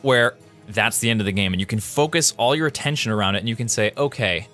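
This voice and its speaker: Brief: male game developer, casual commentary over footage, excitable exclamations, faint music bed. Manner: animated, quick exclamations and jumps in pitch.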